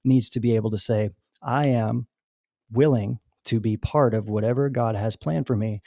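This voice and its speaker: A man talks as a podcast guest, unfolding his spiritual views with long, earnest explanations and little stories along the way. His voice sits at an ordinary middle pitch. The recording is dry and close, with almost no room sound. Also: moderate pace, creaky, dark tone, dry recording. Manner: earnest, explains at length with storytelling asides. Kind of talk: conversational spiritual discussion.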